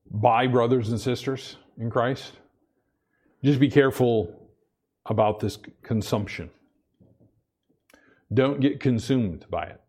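A man preaching a sermon in a conversational way, often repeating himself and asking the congregation "Amen?", sometimes rising high with excitement. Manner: animated, rises high and loud when excited. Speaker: pastor.

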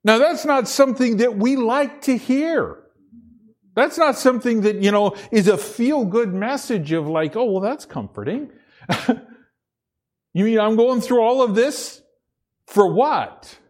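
A pastor from the Pacific Northwest preaches in a very high-pitched voice, taking it slowly. His sermon is conversational; he stumbles over repeated words when starting sentences as he builds his points, and laughs between them.

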